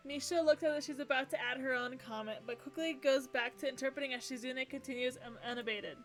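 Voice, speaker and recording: A woman streaming a game, reading its narration aloud and breaking off into gushing, excitable reactions. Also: sits high, normal speed. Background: faint game music.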